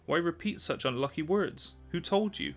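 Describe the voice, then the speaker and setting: A man's voice: a little high, moderate pace, creaky, soft background music, voice pushed up. A man voicing an eager, chattering maidservant. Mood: amazed. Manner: excited, talkative, pleading. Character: young woman servant, devoted and voluble. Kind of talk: storybook reading.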